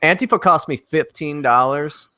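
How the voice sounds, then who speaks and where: Man, guest on a chat show, brash and foul-mouthed, higher-pitched voice, dry close recording. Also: moderate pace, dry recording. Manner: brash, profane, animated anecdotes. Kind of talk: casual podcast chat, storytelling.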